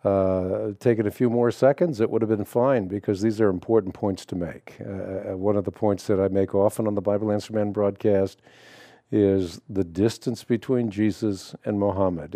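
A man hosting a call-in radio show, talking in a measured, emphatic, preacherly way. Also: on the low side, steady tone, dark tone, no room sound, clean studio sound.

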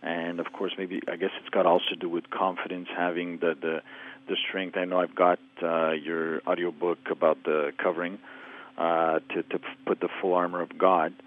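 A man's voice: low-pitched, flat delivery, normal speed. A man calling a radio show, speaking hesitantly and searching for his words. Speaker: caller. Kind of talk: phone call to a radio show. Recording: tinny phone line.

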